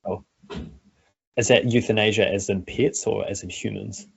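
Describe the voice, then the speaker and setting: A young man, chatting as a guest in a relaxed way, laughing easily and swearing casually. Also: on the low side, normal speed, vocal fry, breathy edge, dull audio. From New Zealand. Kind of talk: casual chat.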